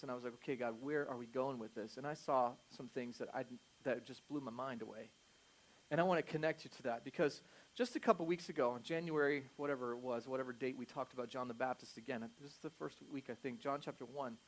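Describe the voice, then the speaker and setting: A middle-aged male pastor giving a sermon in a conversational, joking way, swinging from loud emphasis to quiet asides. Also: a little high.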